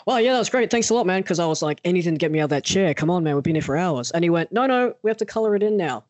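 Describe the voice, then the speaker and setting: A man telling a personal story in casual chat as a podcast co-host, animated and acting out the people he quotes. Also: a little high, dry recording. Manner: animated, acts out quoted voices.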